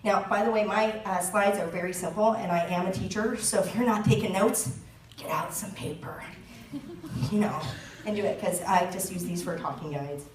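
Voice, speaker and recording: A woman's voice: medium pitch, moderate pace. A woman in her thirties giving a chatty, joking training talk to a sales team, laughing often as she speaks. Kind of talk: chatty live presentation. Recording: roomy echo, mic at a distance, faint ambience.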